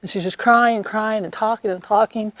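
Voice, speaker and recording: Animated woman telling a personal story. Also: mid-range voice, brisk, no room sound. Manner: animated, acts out quoted lines, laughs often.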